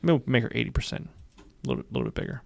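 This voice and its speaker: A man teaching software in a screen-recorded tutorial, upbeat, narrating his clicks and often repeating phrases. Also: medium pitch, huge pitch swings, racing, gravelly, no room sound. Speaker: software instructor.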